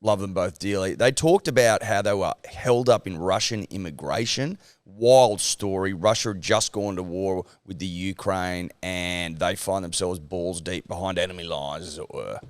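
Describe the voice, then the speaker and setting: A laid-back Australian man hosts a podcast and introduces clips with dry understatement. His voice sits a little low and sounds smooth, with a dry, close recording. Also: moderate pace, hardly any pauses, no echo. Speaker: podcast host. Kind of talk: casual chat.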